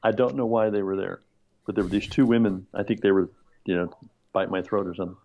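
Lively storytelling man, low voice. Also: quick pace, gravelly. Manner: animated storyteller, acts out quoted voices, laughs often. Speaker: screenwriter guest. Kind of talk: conversational anecdote.

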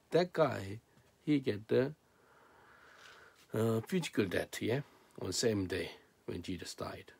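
A man preaching a sermon in broken, non-native English, swinging between loud emphatic peaks and low hushed asides. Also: creaky, breathy edge.

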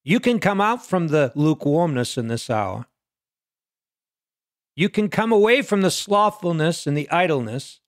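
Slow, animated man preaching a sermon. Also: dry recording, studio quality. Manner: dramatic swings between loud peaks and low quiet lines; rhetorical questions to listeners.

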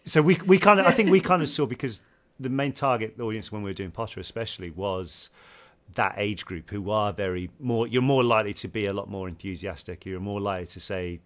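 Low-voiced rambling English man. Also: brisk. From England. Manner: rambling, restarts sentences, laughs while telling stories. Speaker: podcast co-host. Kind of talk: casual interview chat.

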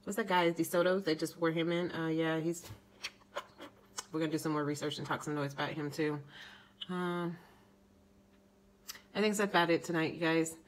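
A young woman from the United States vents to her camera in an animated, indignant vlog rant. Her voice sits slightly low, and her delivery turns sarcastic as she presses her points. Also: normal speed, long pauses, slight background noise, rough recording. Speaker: vlogger.

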